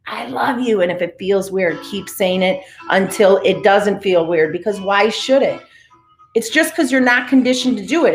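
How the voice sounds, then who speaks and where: A woman's voice: medium pitch, roomy sound, poor audio. A woman coach leading a live group through guided breathing and spoken affirmations, with a commanding, motivational delivery. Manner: motivational, commanding, repeats cues. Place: live-streamed session in a roomy space.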